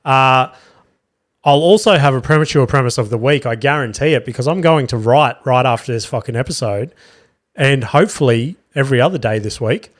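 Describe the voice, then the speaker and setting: Sweary, low-energy podcast host. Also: male voice, fairly quick. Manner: loose, sweary, rambling. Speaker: podcast host and stand-up comic. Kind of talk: casual podcast sign-off.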